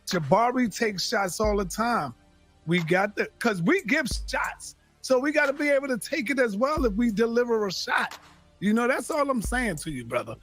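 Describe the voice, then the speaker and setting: High-voiced man moderating a heated debate. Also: normal speed, soft background music. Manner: repeatedly tells others to calm down, soothing but firm. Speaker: moderator of a live online debate show. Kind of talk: live online debate moderation.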